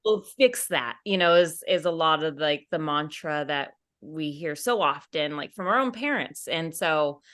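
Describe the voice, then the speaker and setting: A woman's voice: low-pitched, moderate pace, hardly any pauses. A woman hosting a podcast, chatting in a supportive way with lots of fillers like "you know" and "like". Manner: warm-hearted, filler-heavy, supportive. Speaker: podcast host. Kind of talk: casual chat.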